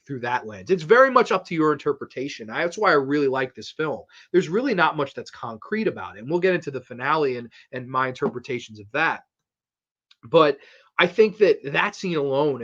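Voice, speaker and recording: A man hosting a podcast, giving a casual horror film review in an animated, rambling, profane way. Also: medium pitch, muffled recording. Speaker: horror movie podcast host.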